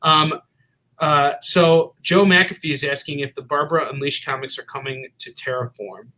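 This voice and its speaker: A man's voice: on the high side, moderate pace, pushed and bright, low-quality recording. A man from the Midwest hosting a live comic book stream, chatting casually with a guest and plugging books, with plenty of fillers. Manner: upbeat, lots of fillers and plugs. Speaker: host of a live comic shop show.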